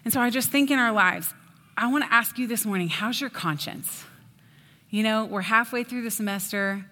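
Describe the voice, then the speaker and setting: A woman giving a sermon in a chatty, animated storytelling way. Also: mid-range voice. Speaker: preacher. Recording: long hall reverb.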